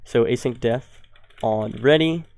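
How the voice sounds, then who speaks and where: A young man hosting a coding tutorial, explaining step by step and thinking aloud, with ums and quick self-corrections. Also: medium pitch, vocal fry, darkish tone. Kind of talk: screen-recorded coding tutorial.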